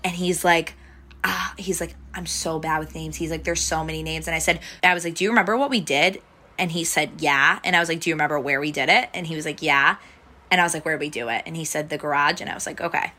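A woman's voice: low voice, steady tone, fast, sharp tone. A young woman telling a story in a casual chat, full of "like" and acting out what people said. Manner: chatty, full of "like" fillers, acts out quoted lines.

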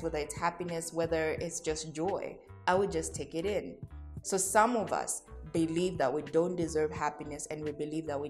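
A woman hosting a solo podcast, speaking candidly and reflectively to her listeners, addressing them directly and laughing at herself. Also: deep voice. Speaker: podcast host.

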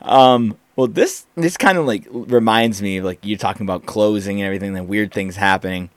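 A man's voice: fairly low pitch, brisk, no echo. A young man in casual chat, chatty and easily amused, telling his own work story. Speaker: store manager.

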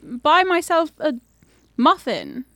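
High, giggly woman podcast guest. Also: wildly swooping pitch, slow, pushed and bright, no echo, studio quality. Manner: playful, defensive, giggly. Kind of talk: casual chat.

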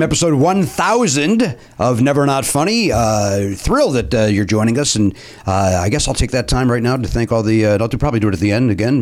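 Fast-talking lively male podcast host. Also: mid-range voice. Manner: joking, self-mocking, stumbles over words. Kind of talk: comedic podcast banter and ad read.

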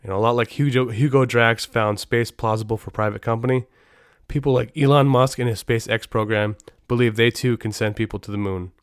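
A man's voice: mid-range voice, steady tone, a little fast, smooth, dry recording, clean studio sound. A middle-aged man hosting a podcast, telling stories in a rambling way with many restarts. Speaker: podcast host. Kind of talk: casual podcast storytelling.

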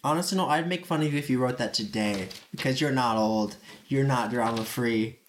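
A man's voice: medium pitch, fairly quick, a little hiss or hum. A young man co-hosting a casual chat, bantering in a dry, sarcastic way. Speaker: podcast co-host.

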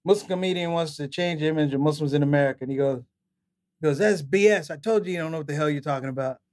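Talking very fast with a voice a little on the high side, this middle-aged man is a comedian appearing on a podcast. He relates long stories casually, bringing quoted people to life and laughing along the way.

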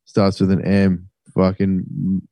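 A man's voice: low voice, completely flat delivery, takes it slowly, gravelly, warm tone, no echo. A young Australian man telling a travel story in casual, sweary chat. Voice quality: sweary, laid-back storytelling.

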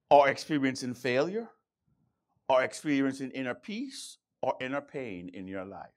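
A man's voice: mid-range voice, big pitch swings, slow, long pauses. A man preaching a sermon, emphatic and repeating key phrases, with stammering restarts. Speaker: pastor.

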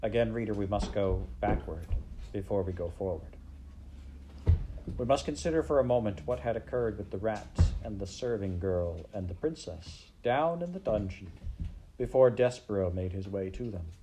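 A man reading a children's storybook aloud in a dramatic, measured way. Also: on the low side, lively intonation, mellow, soft background music, low-quality recording. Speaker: audiobook narrator.

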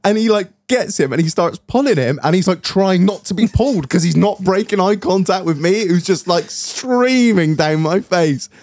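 A young man tells a story in casual podcast chat, swearing freely and laughing as he goes. His voice sits a little high and swings widely in pitch. The recording is dry, with no room echo. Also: animated, normal speed, few pauses, a little mellow. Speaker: podcast host.

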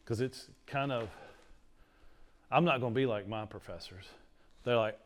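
A man's voice: fairly low pitch, normal speed, long pauses. A middle-aged man, teaching a class in a casual, rambling lecture full of stories. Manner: chatty, storytelling, uses "like" a lot.

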